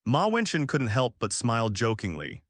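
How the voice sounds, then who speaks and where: A man narrating a translated web novel as an audiobook in a lively storytelling way. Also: medium pitch, moderate pace, no room sound, studio quality.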